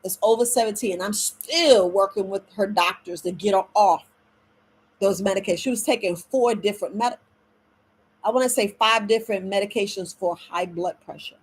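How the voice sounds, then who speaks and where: A middle-aged woman herbalist talking casually to viewers on a live stream from home, animated and preachy, calling them family. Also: mid-range voice, moderate pace, breathy edge.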